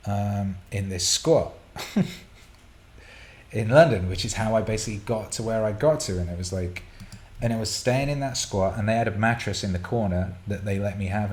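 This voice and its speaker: A man's voice: fairly low pitch, a little mellow. A man hosting a show, answering listener questions in a casual, rambling way, swearing freely and restarting his sentences often.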